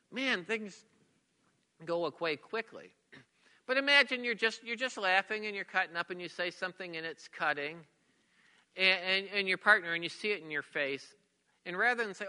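Middle-aged man, pastor giving a sermon, high voice, earnest and repetitive, long hall reverb. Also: normal speed, pushed and bright, clear, resonant tone. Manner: earnest, repeats words, drops to a near whisper for emphasis.

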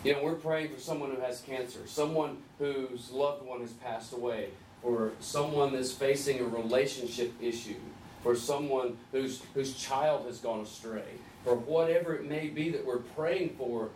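A man leading a group Bible study, conversational and gently teasing, asking the group questions. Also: medium pitch, steady tone, normal speed, few pauses. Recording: echoey room, distant mic, faint hiss.

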